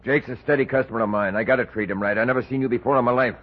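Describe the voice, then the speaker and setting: An actor playing a scared, evasive bartender with a husky voice, whining and defensive, in an old radio drama. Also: male voice, mid-range voice, steady tone, rapid-fire, highs cut off, close to an everyday voice. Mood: nervous. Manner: whiny and defensive.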